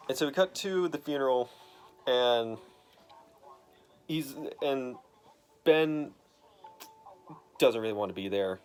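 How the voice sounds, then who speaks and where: Young man, casual comic recap, rambling with fillers, mid-pitched voice, quotes characters on the fly. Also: lively intonation, slow pace, pauses often, clean tone. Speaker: comic book explainer. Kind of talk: casual retelling of a comic story.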